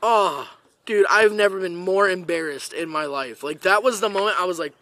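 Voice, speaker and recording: A young man hosting a casual chat, telling school stories with lots of swearing and loud acted-out quotes. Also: high voice, normal speed, no echo. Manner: animated, swearing, acts out quotes loudly.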